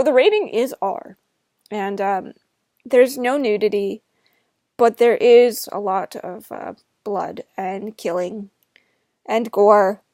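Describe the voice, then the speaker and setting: A woman's voice: mid-range voice, darkish tone, no echo, clean studio sound. A woman in her twenties from New Jersey, giving a casual, rambling film review with chatty asides.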